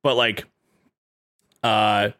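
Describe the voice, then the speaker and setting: A man's voice: fairly low pitch, very slow, no echo. Rambling man, casual chat. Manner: rambling, lots of "like" fillers, excitable.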